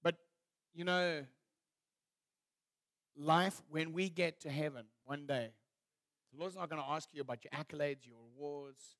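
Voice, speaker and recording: A man's voice: a little high, measured pace, long pauses, no room sound. A male pastor preaching a sermon, telling stories with humor and acting out scenes. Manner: animated storytelling, acting out scenes; warm humor, laughing at own stories.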